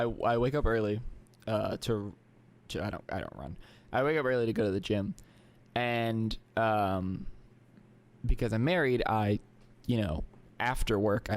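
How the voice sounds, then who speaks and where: A young man co-hosting a podcast, talking in an animated, exasperated way and slipping into quoted voices. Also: on the low side. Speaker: podcast co-host. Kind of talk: casual chat.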